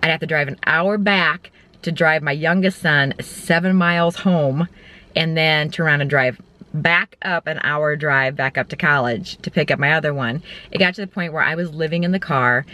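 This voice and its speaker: A woman in her forties records a casual vlog inside her car. Her voice is bright and forceful. She tells things candidly and rambles from one story to the next. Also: sits low, normal speed. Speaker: vlogger. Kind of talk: casual chat.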